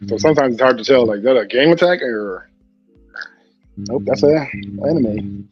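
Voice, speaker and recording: Husky-voiced man on a dull lo-fi mic. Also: medium pitch, animated, normal speed, a little mellow, dry recording, faint music behind. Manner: laughing, skeptical, profane. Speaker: co-host. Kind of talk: casual chat.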